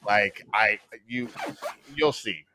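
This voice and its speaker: A man's voice: fairly low pitch, slow, a little hiss or hum. A man casually recapping a TV episode, acting out the characters' lines as he tells it. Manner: animated retelling with quoted character lines and laughs. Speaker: TV critic.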